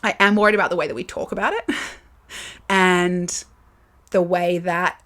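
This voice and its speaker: A woman's voice: fairly low pitch, fairly even intonation, moderate pace, fairly bright tone. A young woman with an Australian accent chats alone into her camera for a podcast. She rambles candidly, piling up fillers and the odd curse as she thinks aloud. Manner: candid, chatty, lots of fillers, swearing. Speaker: podcast host. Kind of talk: casual solo podcast chat. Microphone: camera with built-in mic.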